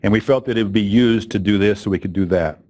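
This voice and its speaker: Low-voiced man telling a story. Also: fast, a little mellow. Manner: conversational, with fillers and self-corrections. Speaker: speaker opening a training event. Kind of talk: storytelling keynote talk.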